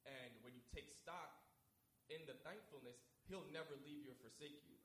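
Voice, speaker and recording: A man speaking as a guest, telling a faith testimony in an animated way and acting out both sides of the conversations. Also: on the high side, normal speed. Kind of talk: testimony storytelling. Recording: echoey room with a crowd.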